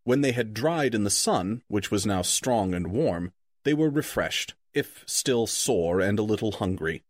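A man narrating a children's fantasy novel in an expressive storytelling manner. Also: lowish voice, unhurried, no echo, studio quality. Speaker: audiobook narrator.

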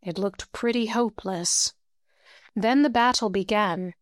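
A woman reading a fantasy novel aloud in a steady storytelling manner, lifting her voice for dialogue. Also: mid-range voice, measured pace, no room sound, studio quality. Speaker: narrator. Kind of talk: audiobook reading.

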